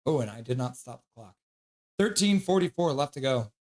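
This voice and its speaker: A man calling a hockey game on a live stream and reading chat messages aloud with excited shouts. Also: medium pitch, a little fast. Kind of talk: casual live-stream commentary.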